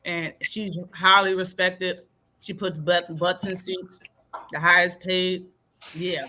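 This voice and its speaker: A woman hosting a casual live talk stream, blunt and animated, laughing often. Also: lowish voice, slow pace. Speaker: stream host. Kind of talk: casual chat.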